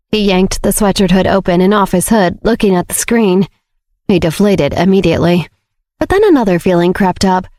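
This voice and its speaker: A woman's voice: medium pitch, a little mellow, dry recording, clean studio sound. A woman reading a romance novel aloud as scripted audiobook narration.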